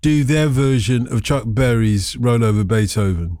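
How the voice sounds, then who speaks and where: A man's voice: medium pitch, moderate pace, mellow, no room sound, clean studio sound. A man hosting a radio phone-in, playful and theatrical, with sudden exclamations and snatches of song. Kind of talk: casual radio chat. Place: radio studio.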